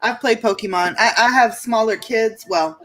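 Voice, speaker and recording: A woman who owns a comic shop, chatting as a guest, blunt and quick to agree. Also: on the high side, a loud crowd. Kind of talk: casual chat.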